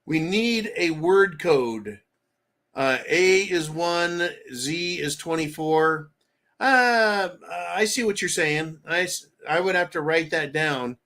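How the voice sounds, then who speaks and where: An American man hosting a live-stream commentary show, his voice sitting a little high for a man. He rants in loud bursts and throws crude insults as he reads out donations. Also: lively intonation, slow pace. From United States.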